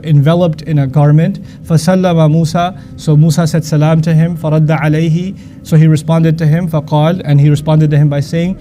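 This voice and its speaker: A man with a warm, rather high voice teaches Quran commentary, reciting Arabic verses and then explaining them conversationally, with quick asides and restarts.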